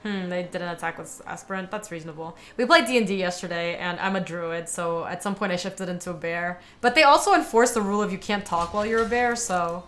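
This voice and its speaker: A woman's voice: lowish voice, brisk, few pauses, fairly bright tone, soft background music. A young woman giving casual commentary on a card game, chatting with viewers as she plays. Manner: chatty, talks to viewers and chat while playing. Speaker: streamer playing a card game.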